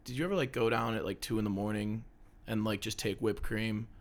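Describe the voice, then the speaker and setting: A man's voice: lowish voice, fairly even intonation, fairly quick. A young man co-hosting a podcast in casual chat, laid-back and slangy, swearing casually. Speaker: podcast co-host.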